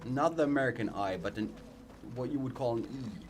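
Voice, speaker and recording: A man's voice: mid-range voice, brisk, slight background noise. A young man, not a native English speaker, giving casual let's play commentary, ranting and swearing with self-mocking asides.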